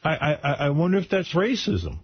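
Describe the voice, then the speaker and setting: A man's voice: a little high, wildly swooping pitch, fairly quick, breathy edge, no echo. A man hosting a talk radio show, blunt and self-mocking, laughing through his crude jokes. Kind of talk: crude comic radio banter. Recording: dull lo-fi radio broadcast audio.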